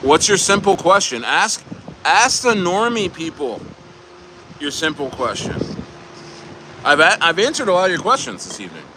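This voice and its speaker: A man's voice: fairly high pitch, very animated, moderate pace, pauses often, pushed and bright, a little hiss or hum. A man hosting a casual crypto livestream, bantering and joking loosely with viewers in the chat. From United States.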